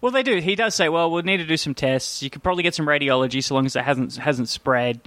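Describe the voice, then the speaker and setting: Animated man recapping a film. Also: a little high, fast, dry recording. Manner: animated, swearing, acts out quoted lines. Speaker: podcast co-host. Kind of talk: casual movie recap chat.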